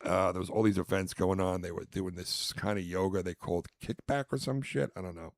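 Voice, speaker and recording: A man telling a comic story in casual podcast chat, animated and swearing freely. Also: sits low, brisk, no echo, studio quality. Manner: storytelling, animated, swears freely, does mock posh voices. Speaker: podcast host.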